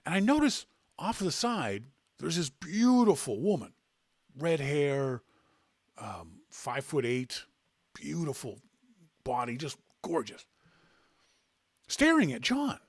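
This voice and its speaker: A man hosting a podcast, telling a self-deprecating anecdote in a casual, animated way. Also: fairly high pitch, slow, long pauses, no room sound, clean studio sound. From Canada. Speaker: podcast host. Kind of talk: casual storytelling.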